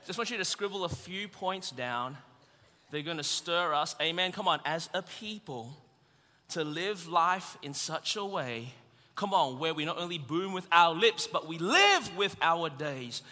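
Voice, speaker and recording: A man preaching a sermon with humour, building up to shouted emphasis. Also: sits high, expressive, moderate pace. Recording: long reverb of a large hall.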